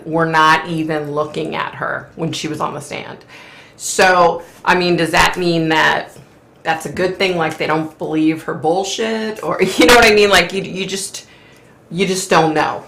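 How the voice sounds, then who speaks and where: A woman hosting a casual live-stream chat, chatty and opinionated, clearing her throat often as her voice wears out. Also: deep voice, a bit bright, roomy sound. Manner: chatty, opinionated, frequent fillers. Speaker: host.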